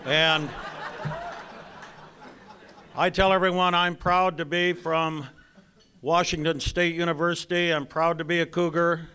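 Older man at the podium, unhurried and crisp, dry deadpan humor, a bright, slightly high voice. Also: a faint crowd. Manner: dry, deadpan joke telling. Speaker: retired basketball coach giving an induction speech. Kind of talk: after-dinner speech with jokes.

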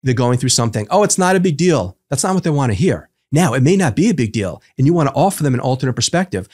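A psychotherapist, a guest in a podcast interview, explains ideas through everyday examples and rhetorical questions. His voice is on the high side and a little mellow.

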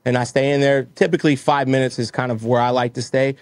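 A man's voice: mid-range voice, level tone, quick pace, no room sound. A man from Texas telling his story as an interview guest, earnest and motivational, acting out his own thoughts. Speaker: guest, roofing business owner.

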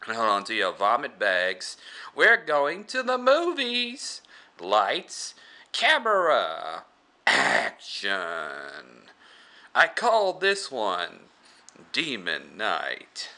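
A man voicing a cackling undead male ghoul who hosts horror tales, in a shrill and hammy manner. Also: huge pitch swings, drawn-out words, sharp tone, heavily acted. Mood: gleeful.

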